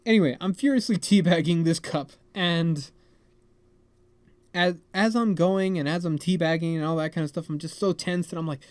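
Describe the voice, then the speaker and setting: A young man hosting a podcast, telling a story in a rambling, animated way full of "like" and "man". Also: on the high side, normal speed, dry recording. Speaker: podcast host. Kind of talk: casual storytelling.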